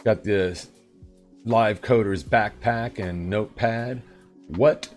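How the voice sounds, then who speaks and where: A man's voice: fairly low pitch, slow, faint music behind. A man live-streaming and chatting casually with viewers, rambling and upbeat in his morning voice. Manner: rambling and upbeat, with sudden loud bursts.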